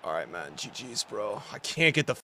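A man's voice: fairly low pitch, very animated, normal speed, bright, forceful tone, a little hiss or hum. A young man streaming live gameplay and talking to his chat, frustrated and trash-talking as he plays.

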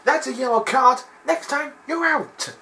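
A man's voice: extremely high pitch, unhurried, vocal fry, sharp tone, voice pushed up, exaggerated voice. A man putting on a stern male referee who barks and scolds, as a comic impression. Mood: scolding. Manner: barking, scolding, emphatic. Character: stern shouting male referee laying down the rules. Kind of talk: comic impression while gaming.

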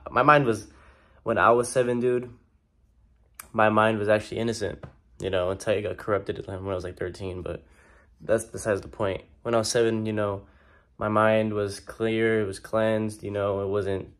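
A young man ranting in a casual, slangy way, exasperated and swearing a lot. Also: lowish voice. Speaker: vlogger. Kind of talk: casual rant to camera.

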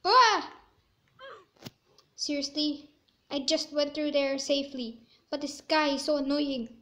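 A woman giving chatty gameplay commentary, squeamish and quick to exclaim in disgust. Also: high voice, little pitch movement. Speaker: gaming video creator.

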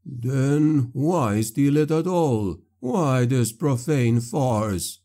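A man voicing a frightened, defiant male priest, speaking in a raised, strained, slow voice. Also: medium pitch, lively intonation, dark tone. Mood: horrified.

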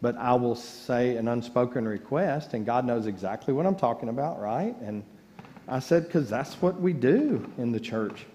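A man's voice: mid-range voice, lively intonation, normal speed, mellow. A man preaching a sermon as pastor, telling folksy stories and joking with the congregation. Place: large church sanctuary. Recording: church livestream with long reverb.

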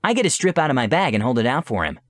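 A man voicing a brash, adventurous young princess in a bright, bouncy, impulsive way for a storybook tale. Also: mid-range voice, big pitch swings, very fast, dry recording, studio quality, close to an everyday voice. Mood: eager, playful. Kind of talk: storybook role-play reading.

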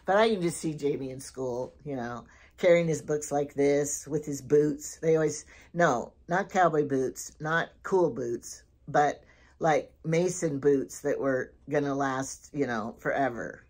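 A middle-aged woman with a notably low voice talks through her shopping haul in a loose, chatty way. She drifts from one story to the next and loses her thread along the way. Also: a little slow, a little mellow. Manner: rambling, digressive storytelling. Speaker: lifestyle vlogger. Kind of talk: casual shopping haul chat.

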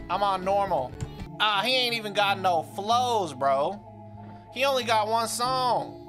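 A young man with a high voice gives live commentary over a rhythm game, loud and frustrated, cursing and trash-talking the opponents. Faint game music plays behind him. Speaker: streamer.

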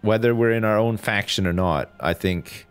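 A man's voice: on the low side, normal speed, clean tone, faint music behind. A man bantering and swearing casually while playing a strategy game with friends. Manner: animated, sarcastic, swearing. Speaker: let's play gamer.

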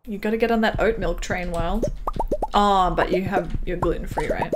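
A woman's voice: lowish voice, normal speed. A young Canadian woman streaming a farming game, chatting casually and reading her chat aloud with frequent giggles. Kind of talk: casual live-stream chat while gaming. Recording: clear game music under the voice. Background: game music.

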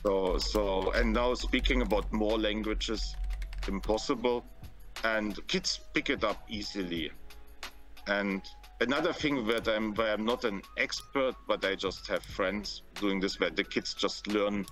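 A man with a German accent appears as a guest in an interview, giving earnest advice and often repeating words while he thinks. His voice is fairly low and a bit bright, at a measured pace, with soft music in the background.

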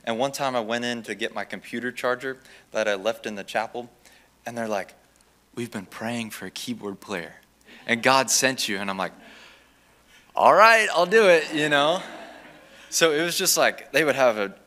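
A young adult man gives a chapel testimony as a student, telling his story in an animated way. His voice sits at medium pitch and moves at normal speed, and he acts out the lines of the people in his story.

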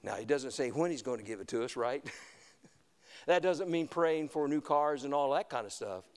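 A male pastor preaching a sermon, moving between loud emphatic lines and quiet asides, and reading scripture slowly. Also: mid-range voice, lively intonation. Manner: reads scripture slowly in old-fashioned wording. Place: church sanctuary. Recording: long church hall reverb.

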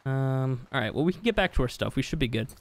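A man's voice: medium pitch, animated, quick pace, dry recording. A young man hosting a live game stream, chatting casually and reading viewer comments aloud with easy laughs. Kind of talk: casual live-stream chat while gaming.

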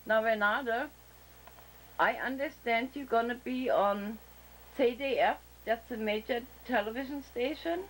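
A woman with a German accent hosting a casual interview show over a video call, talking slowly and deliberately with many fillers and restarts. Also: on the high side, slight background noise, poor audio. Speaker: talk show host.

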